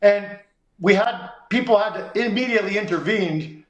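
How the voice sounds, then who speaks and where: A man's voice: sits high, moderate pace, reverberant, rough recording. A Canadian man hosting a sports radio show, telling a long story and acting out the dialogue. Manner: animated, acts out quoted dialogue.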